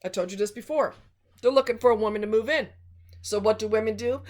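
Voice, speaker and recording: A woman's voice: a little high, fast talker, darkish tone. A woman vlogger giving blunt relationship advice in a casual, emphatic monologue.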